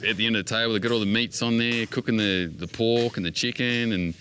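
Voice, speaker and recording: A man's voice: lowish voice, steady tone, fast, pushed and bright. A man casually recounting a trip to camera, hesitant and full of fillers. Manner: hesitant, filler-heavy storyteller.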